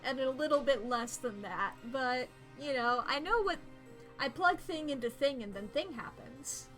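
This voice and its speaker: A woman's voice: sits high, expressive, unhurried, a bit bright, faint music behind. A woman streaming a story game, chatting in rambling, self-deprecating asides between lines she reads aloud. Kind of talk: casual game commentary, reading dialogue aloud.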